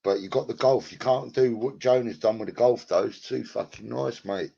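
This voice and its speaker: A man's voice: medium pitch, normal speed, vocal fry, dark tone, breathy edge. A man chatting casually to his live-stream viewers from home on a headset, rambling, crude and full of swearing as he greets people by name. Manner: rambling, crude and profane, banters with chat by name. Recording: lo-fi, dull sound.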